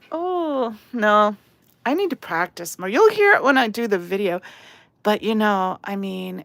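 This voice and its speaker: A woman's voice: mid-range voice, no echo. A woman hosting a casual live stream while painting, chatty and self-deprecating, reading chat aloud. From outside England. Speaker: livestream host.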